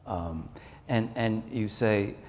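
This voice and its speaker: Brief: deep-voiced male journalist, measured and thoughtful, stage interview in a big echoey hall with faint room noise. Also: a little mellow. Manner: measured, repeats words while thinking. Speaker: journalist and author, interview guest. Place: conference stage.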